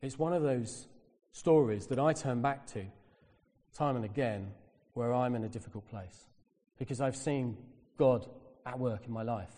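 A British man preaches at normal speed in a mid-range voice, with a long reverb tail. His sermon centers on a personal story, and he acts out its people, becoming animated when quoting them.

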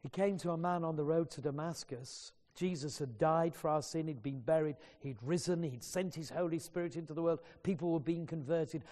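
Preacher, male, earnest storyteller with a warm voice who restarts phrases, recorded with long reverb. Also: on the high side, normal speed, few pauses. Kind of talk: sermon storytelling.

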